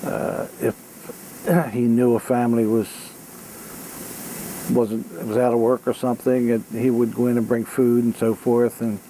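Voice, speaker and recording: An older man recalling his parish priest from his childhood, speaking plainly with small pauses during an interview. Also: mid-range voice, flat delivery, warm tone, a little hiss or hum, rough recording. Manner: plain, halting recollection. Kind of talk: reminiscing in an interview.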